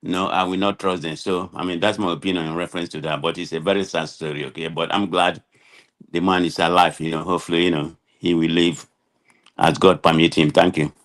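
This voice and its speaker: A man's voice: low voice, flat delivery, a little fast, fairly bright tone. A Nigerian man giving his opinion on a call-in discussion, rambling and leaning on "you know" as he talks. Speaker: guest caller.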